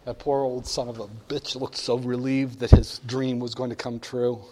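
A man's voice: medium pitch, little pitch movement, moderate pace, mellow, slight background noise. An older man wryly telling a candid story, briefly acting out the voices of people in it. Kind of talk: storytelling anecdote. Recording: long hall reverb.

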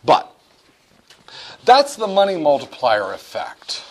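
A man teaching a finance class, explaining ideas with jokes and loud shouted asides. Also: a little high, slow. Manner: lively and joking, with sudden shouted asides. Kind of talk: classroom lecture.

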